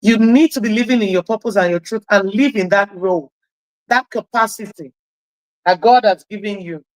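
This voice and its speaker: A woman hosting a radio talk show, chatty and encouraging, with a loud voice. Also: mid-range voice, moderate pace, no room sound, low-quality recording. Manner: encouraging, chatty, laughs at herself. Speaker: radio host.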